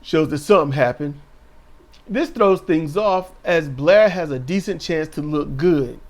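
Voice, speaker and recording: A man with a high voice talks through a wrestling episode in a loose, offhand way. He is sarcastic and pokes fun at what he watched. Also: measured pace. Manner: sarcastic, mocking impressions in a raised voice. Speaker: wrestling show reviewer. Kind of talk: casual recap commentary.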